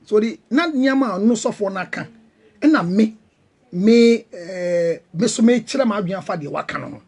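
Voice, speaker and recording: Middle-aged Ghanaian man, defensive and emphatic, husky with a lively pitch. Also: normal speed. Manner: defensive, emphatic, mixes English and Twi. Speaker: guest counselor. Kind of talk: heated panel discussion.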